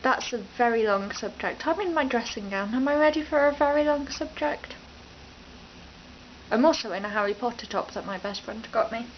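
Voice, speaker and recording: Here a young East Midlands woman vlogs from home in a fairly high voice at a moderate pace, rambling and interrupting herself as she chats unscripted to the camera. Her camera mic loses the high frequencies and picks up a bit of background noise.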